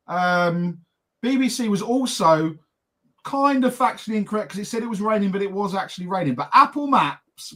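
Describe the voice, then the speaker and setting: A man's voice: high voice, a bit bright. A man co-hosting a podcast, telling family stories and ranting in a casual, chatty way. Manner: storytelling, ranting, quick and chatty. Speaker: podcast co-host. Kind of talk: casual chat.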